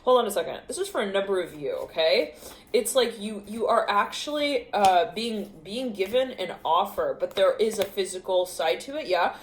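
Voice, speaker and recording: A woman's voice: mid-range voice, animated, moderate pace, a little hiss or hum. A woman giving an intuitive tarot reading to camera, rambling in fragments, often breaking into laughter. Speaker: tarot reader. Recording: echoey room with faint ambience.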